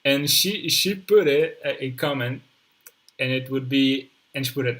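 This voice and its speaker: A man's voice: medium pitch, fairly even intonation, measured pace, low-quality recording. A man hosting a live online English session, talking casually with hesitant restarts and frequent "mm-hmm". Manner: hesitant, restarts, warm back-channel "mm-hmm".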